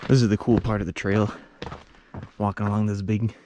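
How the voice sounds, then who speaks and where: A man's voice: on the low side, flat delivery, a little fast, warm tone, slight background noise. A man out of breath, puffing between short remarks as he climbs a rocky outdoor trail with a camera mic. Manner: puffing and panting between short remarks while hiking uphill.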